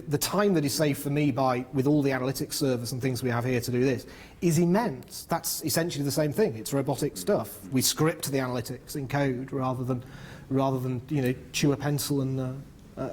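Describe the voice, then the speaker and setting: A man's voice: medium pitch, brisk, darkish tone. A man heading research, presenting an economic briefing and answering questions frankly, with lots of "um" and "you know". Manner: frank and talkative, with frequent fillers.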